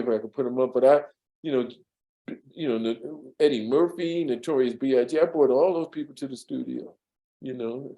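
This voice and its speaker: Rambling man with a mellow voice. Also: medium pitch, poor audio. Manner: rambling, many fillers and restarts, laughs at his own stories. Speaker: former studio assistant, interview guest. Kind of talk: storytelling interview.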